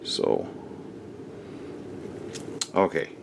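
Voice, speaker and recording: A man's voice: drawn-out words, noisy background. A man hosting a casual craft how-to, chatting and rambling with many ums and uhs as he works, his distance from the camera mic shifting as he moves. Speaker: craft channel host.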